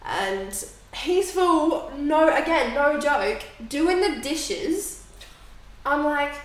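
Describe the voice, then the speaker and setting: A woman's voice: high-pitched, slow pace. A woman, co-hosting a podcast and telling a story in casual chat, acting out what people said. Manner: animated storytelling, acting out quotes. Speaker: podcast co-host. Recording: echoey room.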